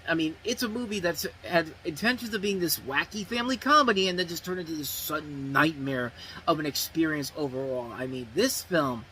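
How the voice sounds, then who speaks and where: A man hosts his movie review show in a loose, rambling way, restarting sentences as he goes. His voice sits a bit high and sounds bright and forceful. Faint noise sits under the recording. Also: animated, fairly quick, low-quality recording. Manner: rambling, self-correcting, many "I mean"s. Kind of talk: casual spoken movie review.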